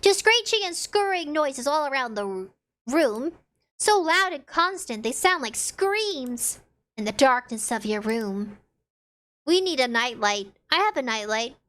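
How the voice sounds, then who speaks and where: A woman's voice: high-pitched, sing-song, a little slow, a bit bright. A young woman streaming a horror game, reading its text aloud with playful commentary and dramatic sound effects.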